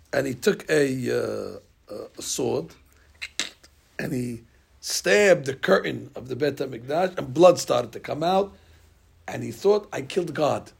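A man teaching a Talmud class, telling stories in an animated way and acting out the lines. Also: medium pitch, creaky, breathy edge. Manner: animated storyteller, acting out lines with rising shouts. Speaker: Torah teacher.

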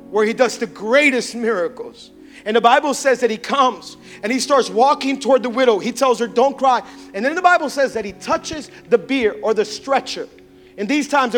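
Male pastor, very high voice, fervent delivery that climbs to shouts and drops to near-whispers, soft music underneath. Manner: impassioned preaching that swings from shouts to hushed tones. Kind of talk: sermon.

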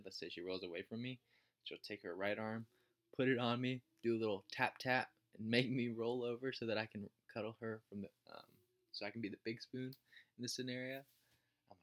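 Male podcast host, low and gravelly, bright and forceful, rambling and self-deprecating. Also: normal speed, long pauses. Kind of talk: casual storytelling.

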